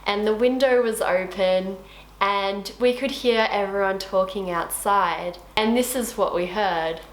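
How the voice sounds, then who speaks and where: A woman's voice: medium pitch, unhurried. Chatty young woman, echoey room. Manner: chatty, blunt, casual swearing. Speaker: vlogger. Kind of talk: casual storytime chat. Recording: echoey room with faint noise.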